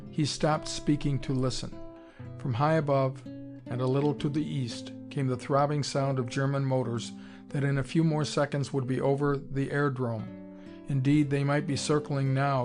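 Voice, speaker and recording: A man reading an audiobook in a steady, measured storytelling voice. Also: medium pitch. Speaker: audiobook narrator. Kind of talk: scripted narration.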